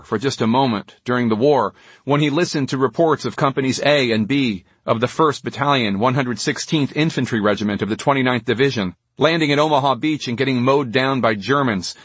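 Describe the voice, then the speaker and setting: A man reads a novel aloud in a measured, steady way. His voice is husky and his recording sounds dry and close, with no room around it. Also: mid-range voice, no room sound. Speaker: audiobook narrator. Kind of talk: scripted narration.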